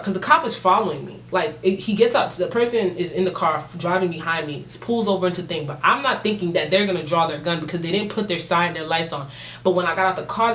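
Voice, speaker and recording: A young adult woman vlogger telling a casual story time, animated and full of slang and swearing. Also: lowish voice, a little hiss or hum. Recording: roomy echo.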